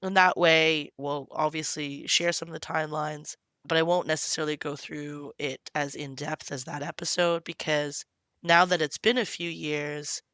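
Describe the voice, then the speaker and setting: A woman podcast co-host with a cold, talking in a deep husky voice in casual chat. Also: a bit bright, dry recording, clean studio sound. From Canada. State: hoarse from a cold. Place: temporary room at home with fans running.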